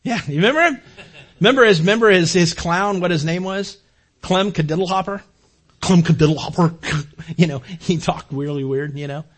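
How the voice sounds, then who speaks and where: A man's voice: high-pitched, fairly quick, fairly bright tone. An older man preaching a sermon as a pastor, talking to the congregation in a conversational way and often repeating words while he builds a point.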